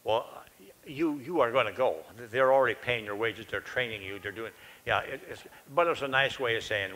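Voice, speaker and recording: A man's voice: mid-range voice, normal speed, sharp tone, poor audio. An older man preaching a sermon in a church, telling a personal story in a folksy, conversational and self-deprecating way.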